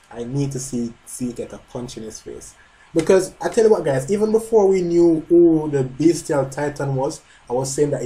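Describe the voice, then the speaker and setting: A man's voice: on the high side, warm tone, poor audio. A man hosting a live manga reread, reacting in a casual, joking and profane way.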